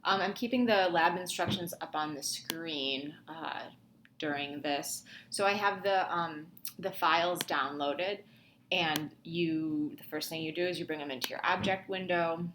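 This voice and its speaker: A woman's voice: sits low, a little slow, background noise. A young woman instructor talking through a lab tutorial casually, thinking aloud with many ums and restarts. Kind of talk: screen-recorded lab tutorial.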